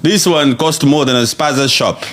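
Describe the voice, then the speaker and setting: A man's voice: a little high, moderate pace, fairly bright tone, a little hiss or hum. A man hosting a podcast, ranting bluntly and mockingly, swearing and repeating himself for emphasis. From outside South Africa. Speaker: podcast host. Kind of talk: opinionated podcast rant.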